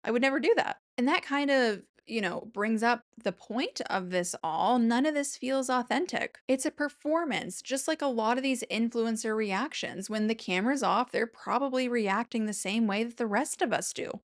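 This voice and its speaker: A woman's voice: fairly high pitch, normal speed, hardly any pauses. A woman hosting a casual commentary video, chatting in an exasperated way with bursts of mock-dramatic emphasis. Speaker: commentary host.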